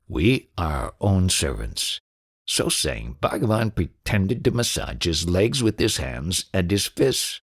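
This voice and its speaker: A man narrating spiritual stories in an audiobook with an expressive reading. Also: lowish voice, creaky, breathy edge. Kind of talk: storytelling narration.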